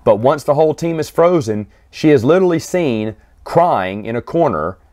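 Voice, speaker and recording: A man giving a casual, rambling solo review of comic books, with frequent restarts and quick snatches of acted dialogue. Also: a little high, lively intonation, a little mellow.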